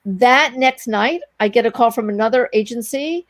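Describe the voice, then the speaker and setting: A woman's voice: a little high, normal speed, no echo. A middle-aged woman telling a long anecdote in a casual interview, acting out the other people's lines as she goes. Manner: animated, breathless anecdote telling with quoted dialogue. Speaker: guest, entrepreneur.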